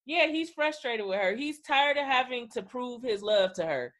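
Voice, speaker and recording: A woman's voice: a little high, expressive, normal speed. A woman co-hosting a casual chat show, blunt, profane and playful as she recaps episodes. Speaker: podcast co-host.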